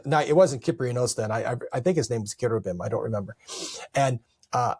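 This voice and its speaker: Middle-aged priest guest, mid pitch, dry close mic, animated storyteller. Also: male voice, a little fast, husky, no room sound. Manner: animated, acts out quoted speech with raised pitch. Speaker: Orthodox priest, podcast guest. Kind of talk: storytelling in casual conversation.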